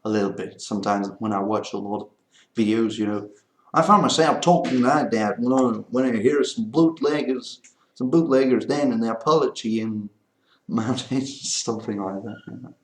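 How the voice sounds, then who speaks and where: A man's voice: medium pitch, normal speed, reverberant. A man from Belgium, a native French speaker with a Belgian French accent, rambling through a casual vlog chat. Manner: rambling, meandering talk. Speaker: vlogger.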